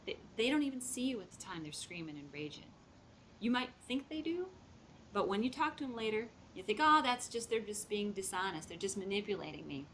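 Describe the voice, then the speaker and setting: Lively woman lecturing foster parents. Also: mid-range voice, slight background noise. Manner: lively, acts out quoted voices. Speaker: speaker training foster parents.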